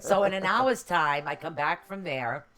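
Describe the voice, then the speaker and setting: A woman's voice: on the low side, animated, unhurried, fairly bright tone. A middle-aged woman hosting a radio talk show, chatting casually with rambling anecdotes. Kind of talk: casual chat.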